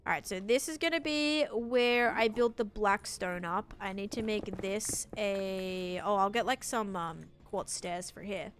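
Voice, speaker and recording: A woman's voice: a little slow, hardly any pauses, soft background music. A young woman chatting casually on a live game stream, reading chat aloud and talking as she builds. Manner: chatty, reads chat aloud, mimics a voice assistant in a higher voice. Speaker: livestream gamer.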